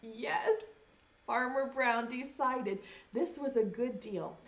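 A young woman, a preschool teacher, reads a picture book aloud at a slow, patient pace. She pauses often to ask the little ones questions. The recording sounds dull and lo-fi. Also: fairly high pitch. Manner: gentle, asks children questions as she reads. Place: home video lesson.

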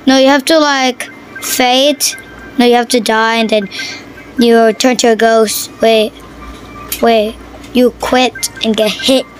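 A woman chatting casually over her gameplay, excitable and quick to gasp and yelp at what happens on screen. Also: a little high, faint music behind, low-quality recording. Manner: excitable, yelps and gasps at the game. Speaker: mobile game player.

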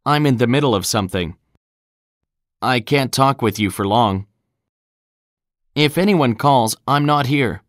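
A man reading example sentences one by one in a clear, deliberate scripted style, recorded in a studio. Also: mid-range voice, expressive, dry recording. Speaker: English phrase reader.

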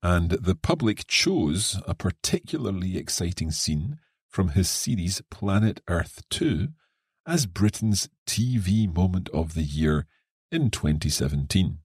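A man co-hosts an English lesson podcast, reading passages aloud and explaining them clearly. His voice is very deep and a little husky, with a lively melody, and the recording is dry. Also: unhurried, dry recording.

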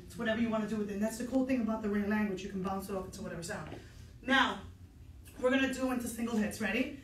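A woman's voice: medium pitch, very fast, reverberant, slight background noise. A woman instructor leading an online step dance lesson, counting out beats and encouraging her students, a little out of breath, in a dance studio. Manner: upbeat and encouraging, counts aloud.

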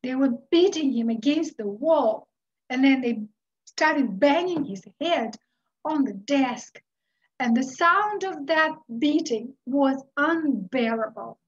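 A middle-aged woman from Uzbekistan telling a story in a speech, with a dramatic, unhurried delivery full of pauses. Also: high-pitched, animated. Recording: dull lo-fi recording.

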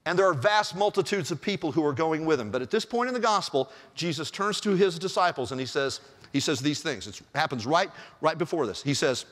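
A male pastor preaching a sermon in a church, telling the story in an animated way and chuckling often. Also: a little high, fairly quick. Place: church sanctuary. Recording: long church reverb.

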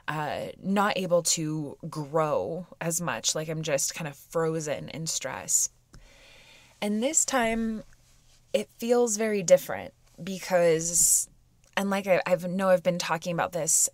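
A woman with a fairly low voice hosts a reflective solo podcast. She speaks candidly and meanders through her thoughts, with frequent fillers. The sound is close and dry. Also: dry recording. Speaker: podcast host. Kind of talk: reflective personal podcast monologue.

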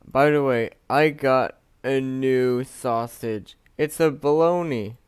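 A young man from Canada chatting casually over his gameplay, swearing often and swinging between mumbled asides and loud outbursts. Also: medium pitch, slow pace, clear, resonant tone, no room sound, studio quality. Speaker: gaming youtuber.

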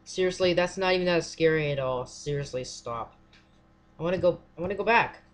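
A gamer in casual let's-play commentary who fills speech with "like" and "seriously," swears constantly and yells at jump scares. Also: mid-range voice, fairly quick. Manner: filler-heavy, says "like" and "seriously" often. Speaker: gamer playing a horror game.

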